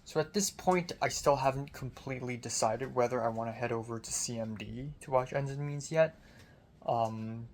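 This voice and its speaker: A young man, a college student, in a casual video diary, his voice deep and strained after screaming, frustrated and self-critical, swearing often. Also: slight background noise. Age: young adult.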